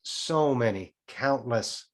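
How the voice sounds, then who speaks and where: A man guest on a podcast, speaking earnestly and deliberately about spiritual ideas. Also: medium pitch. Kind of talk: spiritual talk.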